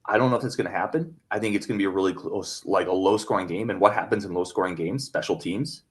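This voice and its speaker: A man hosting a sports podcast, weighing up arguments in a measured, analytical way. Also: deep voice. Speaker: podcast host.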